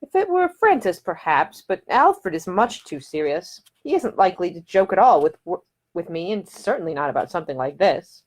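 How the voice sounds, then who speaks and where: A woman voicing a poised young woman perfumer who turns crisp and indignant when pushed. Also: fairly low pitch, sing-song, moderate pace. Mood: firm.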